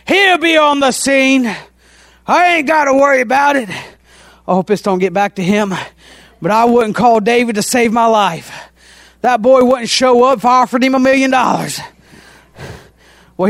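A male preacher with a strikingly high voice delivers a fervent sermon, swinging from easy, folksy talk into ringing shouts. His voice is recorded close and dry, with no room sound. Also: dry recording. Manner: impassioned, often breaks into shouting; folksy, repeated "oh" between phrases.

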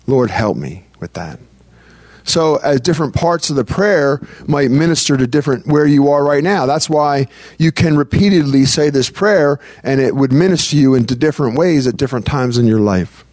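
A man's voice: medium pitch, darkish tone, no echo. Earnest male pastor preaching in a dry room. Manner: earnest, prays aloud mid-talk. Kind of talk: conversational sermon.

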